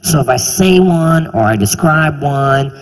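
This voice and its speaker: A stand-up comedian from South Carolina, talking in an animated way and acting out other people's voices. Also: male voice, unhurried. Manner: animated, puts on voices of others, jumps high in pitch. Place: large theater stage. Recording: live hall reverb, faint ambience.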